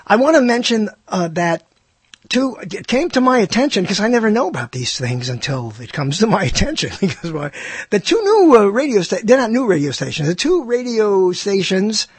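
Older man, New York accent, radio host, rambling self-mocking monologue, husky voice, raised pitch. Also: dry recording. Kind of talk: casual monologue.

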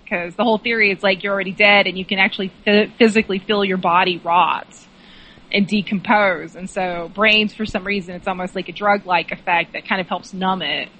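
Chatty woman, bright sharp tone, lots of likes and you-knows. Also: medium pitch, fairly quick, poor audio. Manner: chatty, enthusiastic, many fillers. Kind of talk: casual chat.

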